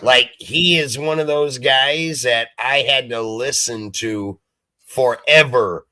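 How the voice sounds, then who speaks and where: Bright-voiced American man, dry close sound. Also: mid-range voice, slow pace, dry recording. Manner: blunt, swears freely. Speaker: livestream host. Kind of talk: casual chat.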